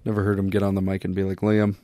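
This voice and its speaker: Low-voiced young man bantering on a podcast. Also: completely flat delivery, very fast, dark tone, no echo, clean studio sound. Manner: teasing, laughs often. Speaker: podcast co-host. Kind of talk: casual comedic banter.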